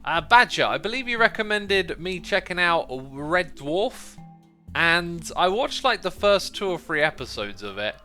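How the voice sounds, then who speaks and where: Streamer host, man, bright and bouncy delivery, chatty and easily distracted, faint music underneath. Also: sits high, sing-song, measured pace. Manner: chatty, playful, easily sidetracked. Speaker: livestream host. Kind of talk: casual gameplay livestream commentary.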